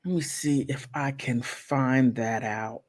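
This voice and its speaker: A woman's voice: very deep voice, fairly even intonation, slow pace. A woman hosting her own channel, talking casually while she browses online, thinking aloud with many restarts. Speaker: channel host.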